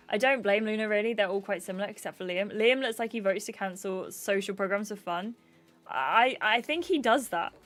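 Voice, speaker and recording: A woman streaming a game, chatting and giggling as she reads the game text aloud. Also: medium pitch. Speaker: gaming streamer. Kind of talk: livestream game playthrough, reading aloud.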